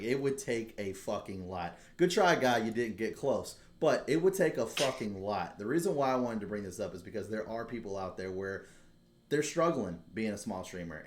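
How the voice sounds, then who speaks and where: A young man with a fairly low voice hosts a casual podcast chat. He talks bluntly, swears constantly and slides into fired-up rants. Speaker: podcast host.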